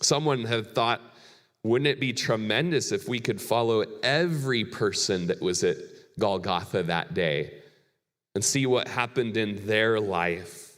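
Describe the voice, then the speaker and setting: Guy preaching a sermon, earnest, slows way down on quotes, lots of hall echo. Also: lowish voice. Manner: earnest, animated preaching with slow emphatic quotes. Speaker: guest pastor. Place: church sanctuary. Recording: long hall reverb.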